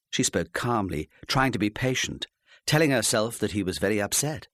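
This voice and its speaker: Brief: male audiobook narrator, lowish voice, very lively intonation, dry close sound. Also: brisk, no room sound. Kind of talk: scripted narration.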